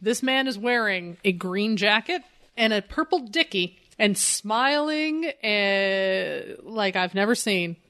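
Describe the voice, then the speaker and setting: A woman's voice: medium pitch, animated, slow pace, a bit bright. A woman co-hosting a casual comedy podcast, animatedly retelling a comic story, swearing and laughing often. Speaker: podcast co-host.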